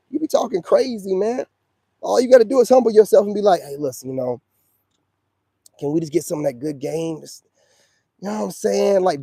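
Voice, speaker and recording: A man's voice: fairly high pitch, warm tone, dry recording. A man delivering a blunt, confrontational, preachy rant to his viewers, full of slang and "you know what I'm saying.". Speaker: self-styled spiritual coach. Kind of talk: ranting monologue to viewers.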